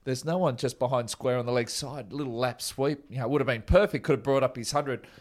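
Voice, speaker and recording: Ex-cricketer telling rambling stories. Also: male voice, mid-range voice, a little fast. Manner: rambling, chuckling storyteller. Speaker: former cricketer, guest. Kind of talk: casual anecdotal interview.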